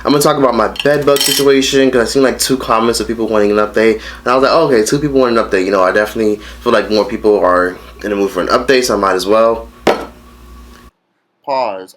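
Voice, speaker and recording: A man vlogging casually while he eats a meal at home, talking in a blunt and expressive way and swearing freely. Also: lowish voice, quick pace. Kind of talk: casual mukbang chat.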